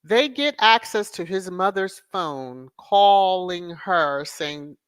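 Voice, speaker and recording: A woman hosts a livestream commentary show on a royal news channel, speaking emphatically and repeating words for sarcastic stress. Her lowish voice has lively intonation and drawn-out words, recorded clean with no room sound.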